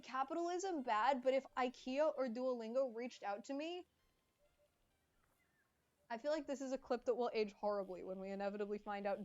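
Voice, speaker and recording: A woman's voice: fairly high pitch, a little mellow, lo-fi sound. A woman streaming live who chats casually with her viewers and answers their messages, sounding slightly congested. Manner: chatty, reading and answering chat.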